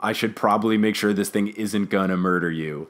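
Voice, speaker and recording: A man's voice: on the low side, fairly even intonation, brisk, pitched below the performer's own voice, natural voice. A man casually voicing a stern, sassy older female professor who talks bluntly in slang.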